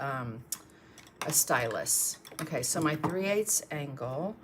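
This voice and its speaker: A woman with a deep voice talks her way through a live painting tutorial, musing aloud as she paints and thanking viewers for their comments. There's slight background noise.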